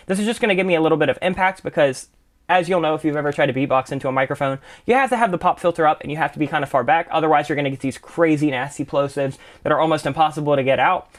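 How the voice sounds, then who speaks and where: A young man walks through music production plugins in a relaxed, conversational way. His voice sits a little high, and he talks quickly, with plenty of "kind of" and doubled words. He sounds like a friendly tutor sharing his own workflow. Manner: relaxed, chatty, full of fillers like "kind of" and "really, really". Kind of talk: casual screen-share tutorial.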